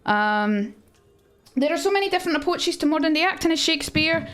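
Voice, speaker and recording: Chatty Scottish woman, high voice. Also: animated, brisk, a bit bright, faint music behind. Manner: chatty, rambling, answers chat messages. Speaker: streamer teaching Shakespeare to chat. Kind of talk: casual livestream lesson.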